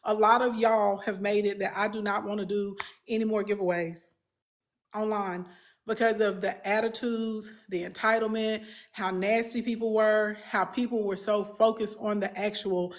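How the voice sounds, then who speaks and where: A woman's voice: medium pitch, level tone, moderate pace. A woman, a business coach talking bluntly and emphatically to her followers, often repeating phrases. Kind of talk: candid talk to followers.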